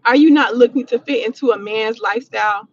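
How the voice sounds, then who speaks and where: A woman with a high voice talks casually to her livestream chat from inside a vehicle. She speaks bluntly and with energy, using plenty of slang and swearing freely. The sound is dull and lo-fi, like phone-streamed audio. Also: a little fast. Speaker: livestream host answering chat. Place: in a vehicle, driving.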